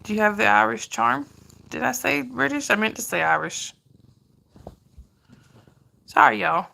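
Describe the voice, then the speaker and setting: Zuid-Amerikaanse vrouw, krakerige stem. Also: female voice, a little high, expressive, a little slow, vocal fry, bright, forceful tone. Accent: Southern US. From Georgia, US. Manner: chatty, greets viewers by name, laughs often. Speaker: livestream host. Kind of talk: casual live chat reading viewer comments.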